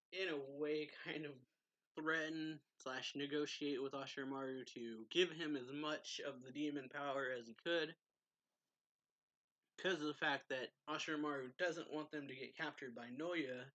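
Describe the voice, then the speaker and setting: Bright-voiced man recapping a chapter. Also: fairly high pitch, dull audio. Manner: loose retelling, many likes, laughs often. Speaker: anime reviewer.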